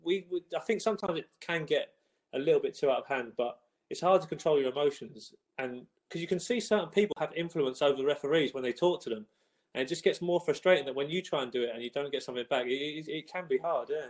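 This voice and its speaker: A man's voice: fairly high pitch, fast talker, rough recording. A young man who plays football, talking on a podcast, hesitant with many restarts. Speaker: footballer guest. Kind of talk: casual sports chat.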